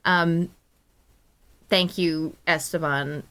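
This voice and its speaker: A woman's voice: sits low, steady tone, drawn-out words, pushed and bright, clean tone. A woman streamer, bubbly, rambling and apologetic, chatting casually while signing off.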